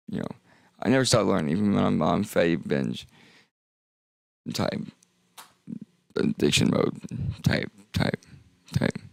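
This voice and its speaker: A man's voice: low-pitched, gravelly, dry recording. A young man streaming, rambling and joking in casual talk that trails off into mumbles.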